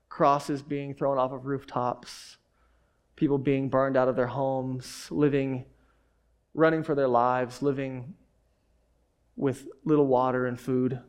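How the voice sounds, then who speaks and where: A male pastor giving a sermon in an animated, conversational storytelling manner, dropping in frequent "like"s. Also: medium pitch.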